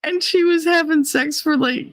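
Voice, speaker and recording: A woman's voice: sits high, moderate pace, no echo, low-quality recording. A young adult woman hosting a livestream, telling crude stories in casual chat and breaking into laughter often. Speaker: livestream host.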